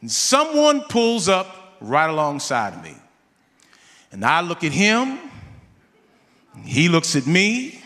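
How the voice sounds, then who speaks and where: Animated preacher with a bright voice. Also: male voice, a little high, takes it slowly, pauses often, in a large hall. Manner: animated storytelling, calls on the congregation. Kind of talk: sermon with a comic personal story.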